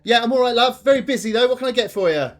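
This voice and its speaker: A brash, busy middle-aged barmaid, as a game master puts her on, blunt and quick with customers. Her voice is high-pitched and loud over soft background music. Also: lively intonation. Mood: brisk. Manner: brisk, calls people love and darling.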